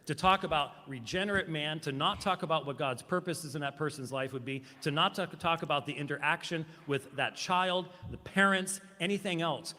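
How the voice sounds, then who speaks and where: An indignant man debating from a stage, his voice raised a little and bright and forceful. The clip carries the long reverb of a large hall. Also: a little high, normal speed, hardly any pauses. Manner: indignant, emphatic. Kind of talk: formal debate.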